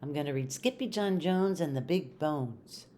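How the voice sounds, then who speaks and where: An older woman with a notably low voice reads a children's picture book aloud. She is a retired teacher, friendly and lively as she reads for kids at home. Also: normal speed, slight background noise. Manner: friendly, animated reading to kids. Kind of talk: storybook read-aloud.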